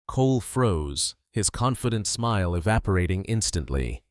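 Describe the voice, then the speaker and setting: A man reading a dramatic story as a narrator, in a measured storytelling manner. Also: fairly low pitch, expressive, no echo, clean studio sound.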